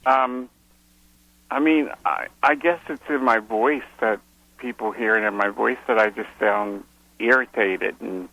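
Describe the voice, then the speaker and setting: A man's voice: mid-range voice, unhurried, vocal fry, sharp tone, no echo, poor audio. A man calling into an advice show, answering hesitantly with many ums. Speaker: caller. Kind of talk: call-in phone conversation.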